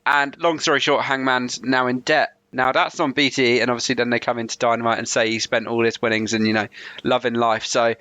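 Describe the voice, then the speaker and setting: A man's voice: mid-range voice, level tone, a little fast, bright, forceful tone, dry recording. A man co-hosting a podcast, chatting about wrestling in a rambling way that keeps losing its thread. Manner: rambling, loses his thread, hedging. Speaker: podcast co-host. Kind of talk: casual wrestling review chat.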